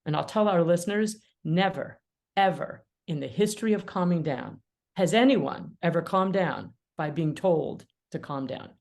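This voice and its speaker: Middle-aged woman, mediator and author, fairly low voice, animated and laughing as a podcast guest. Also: moderate pace, vocal fry. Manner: animated, laughs often, acts out quoted dialogue. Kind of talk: conversational interview.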